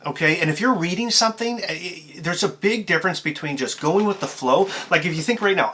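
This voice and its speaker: A YouTuber and motivational speaker gives tips straight to camera in a high-pitched, pushed, bright voice. He talks fast with few pauses, amped-up and emphatic but conversational, full of filler words and restarts.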